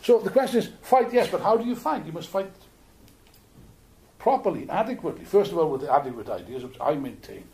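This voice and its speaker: Lively high-pitched Welsh man speechifying. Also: a little fast. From Wales. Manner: animated, jokey, repeats words while building points. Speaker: political speaker. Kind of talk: public speech to an audience. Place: meeting room with an audience.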